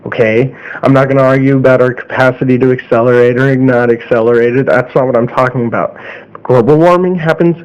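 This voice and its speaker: A man talks straight to his audience in a casual opinion monologue, earnest and mid-pitched, tagging his points with a questioning "okay?". The sound is slightly dull and lo-fi. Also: fairly even intonation, fairly quick, clean tone. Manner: earnest, repeats "okay?" often. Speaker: vlogger.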